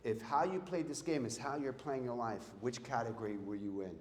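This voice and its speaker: A man's voice: mid-range voice, animated, brisk. A middle-aged man, a motivational speaker giving a live seminar talk, emphatic and throwing questions at his audience. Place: event hall with an audience. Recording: echoey hall with long reverb.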